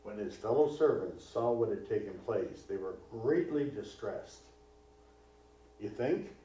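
A man's voice: lowish voice, animated, measured pace, warm tone, slight background noise. Man preaching in an echoey hall. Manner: conversational, rhetorical questions. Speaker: pastor. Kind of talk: sermon. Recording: distant, echoey, dull hall recording.

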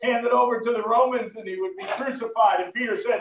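A man preaching a storytelling sermon, animated, swinging from loud to hushed. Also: extremely high pitch, a little fast, background noise. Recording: roomy, far from the mic.

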